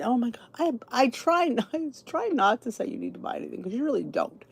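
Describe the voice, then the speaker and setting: A woman's voice: fairly high pitch, very animated, a little fast, gravelly, few pauses, husky, dry recording. A middle-aged woman from the Philadelphia area with a Philly accent, hosting a podcast in a rambling, casual chat to her viewers. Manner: chatty, rambling, frequent restarts and asides. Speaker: podcast host.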